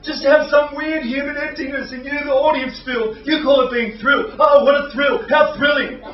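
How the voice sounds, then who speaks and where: A man's voice: extremely high pitch, fairly even intonation, moderate pace, pitched above the performer's own voice. A man performing a rhyming spoken-word piece as a bitter, sardonic male gladiator, in a mocking, rhythmic delivery. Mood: bitter sarcastic. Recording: distant, roomy lo-fi live recording with ambient noise.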